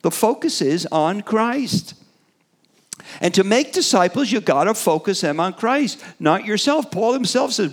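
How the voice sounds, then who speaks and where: A middle-aged man preaching a sermon, animated, building to emphatic peaks and trailing off with fillers in between. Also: sits high, a little slow.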